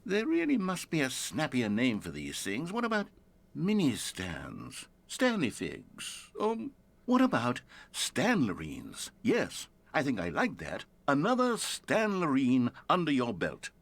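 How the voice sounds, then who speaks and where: A man's voice: medium pitch, huge pitch swings, measured pace, creaky, a bit bright, heavily acted. A man narrating a video game story in a dry, wry, scripted manner.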